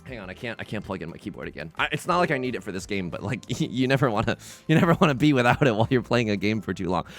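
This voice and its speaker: A man hosts a let's play, talking through his moves in a casual, animated way. His pitch swings widely as he jokes, restarts sentences and pokes fun at himself. Faint game music plays softly behind him. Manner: animated, joking, quick restarts and self-mocking asides. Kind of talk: casual gameplay commentary.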